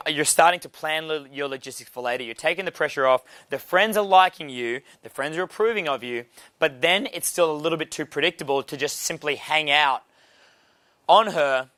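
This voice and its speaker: Man, dating coach, brash and profane, bright forceful tone, dry close sound. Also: on the high side, no room sound. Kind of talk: teaching a seminar.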